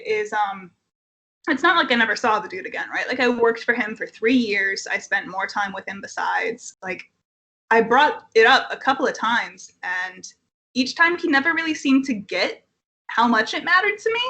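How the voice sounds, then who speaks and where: Bright-voiced young woman telling a story. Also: fairly high pitch, animated, moderate pace. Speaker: person sharing a story. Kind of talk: casual storytelling. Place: home.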